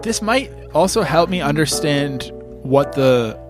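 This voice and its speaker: A man's voice: fairly high pitch, animated, a little slow. A man hosts a casual podcast chat. His delivery is wry and amused. Faint music sits underneath. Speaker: podcast host.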